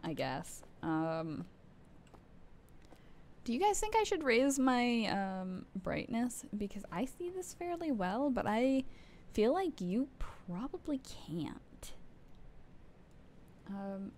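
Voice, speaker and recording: Lively, animated woman streamer. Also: mid-range voice, slight background noise. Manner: rambling, self-mocking, chatting to viewers; startled outbursts. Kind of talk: casual live gameplay commentary.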